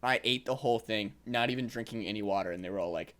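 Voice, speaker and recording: A man's voice: lowish voice, quick pace, a bit bright. A young man hosting a podcast, telling rambling stories in casual chat and laughing often. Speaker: podcast host.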